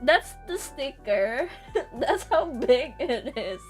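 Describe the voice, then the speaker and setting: Slow-talking giggly woman streamer. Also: high-pitched, sing-song, slightly rough, faint music behind. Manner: rambling, giggly, lots of laughter and fillers; exaggerated squeals of disgust. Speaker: VTuber streamer. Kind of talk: casual chat stream.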